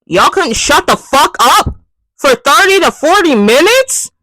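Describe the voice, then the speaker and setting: A young woman rants with lots of swearing, her high voice swinging widely as she snaps into loud outbursts. The sound is dry and close, with no room around it. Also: very animated, unhurried, no room sound, low-quality recording. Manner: exasperated, swearing rant. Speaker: vlogger. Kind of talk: ranting vlog monologue.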